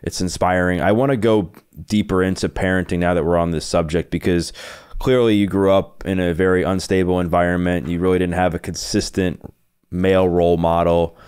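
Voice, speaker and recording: A man's voice: sits low, steady tone, a little fast, a little mellow, smooth. A man hosting a podcast, asking earnest, probing questions. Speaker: podcast host. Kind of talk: interview questions.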